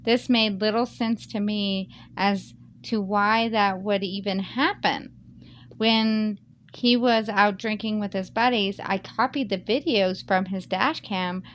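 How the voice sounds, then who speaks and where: A woman's voice: medium pitch, fairly even intonation, takes it slowly, a bit bright, slight background noise. A woman who reads a Reddit post aloud and then reacts to it in a heated, emphatic rant. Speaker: YouTuber reading Reddit posts.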